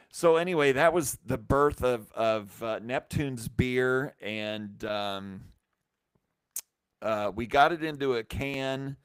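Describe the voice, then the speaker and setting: A man hosting a live stream, telling a rambling, animated anecdote full of restarts and acted-out quotes. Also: medium pitch, clean tone, dry recording, clean studio sound. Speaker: brewery company host. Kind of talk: casual storytelling on a live stream.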